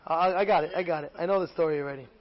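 A man teaching as a rabbi, telling a story with lively emphasis and frequent repetition. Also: on the high side, rapid-fire, highs cut off. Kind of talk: storytelling Torah lesson.

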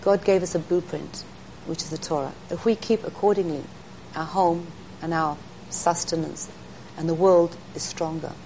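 A middle-aged woman recounts stories in an earnest, teaching way, and she briefly acts out the people in them. Her voice sits somewhat low. A faint hum of ambience runs underneath. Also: fairly even intonation, normal speed, hardly any pauses, dark tone, poor audio. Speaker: interview guest, speaker to women. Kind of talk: storytelling in an interview.

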